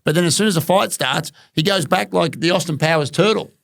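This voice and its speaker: A man's voice: fairly high pitch, brisk, creaky, a bit bright, dry recording, clean studio sound. A man co-hosting a podcast, chatting casually in a rambling way and restarting sentences. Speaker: podcast co-host. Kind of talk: casual chat.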